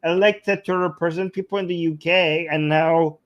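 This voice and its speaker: A man's voice: fairly high pitch, fairly even intonation, normal speed, no room sound, muffled recording. A man co-hosting a casual talk show, mocking and giggly, rambling with many fillers. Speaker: co-host. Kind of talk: casual chat.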